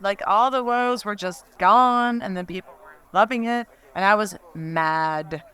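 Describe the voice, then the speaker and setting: Female eulogist, bright, forward voice, nervous and emotional, off-the-cuff memorial anecdote. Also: medium pitch. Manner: halting, emotional, laughs through her story. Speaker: friend giving a eulogy. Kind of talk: memorial speech, personal anecdote. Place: memorial gathering.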